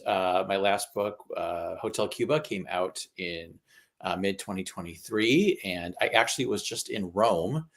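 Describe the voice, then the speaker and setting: Enthusiastic man, lowish voice, many fillers. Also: a bit bright. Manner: enthusiastic, filler-heavy storytelling. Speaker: panel guest. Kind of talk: casual chat.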